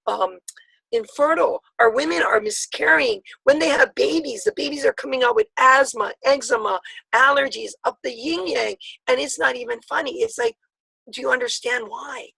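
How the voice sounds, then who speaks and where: Gravelly, fiery woman in her fifties. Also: high-pitched, a bit bright, dry recording, poor audio. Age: 50s. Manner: passionate, rapid storytelling. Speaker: network marketing speaker. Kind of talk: motivational talk on a call.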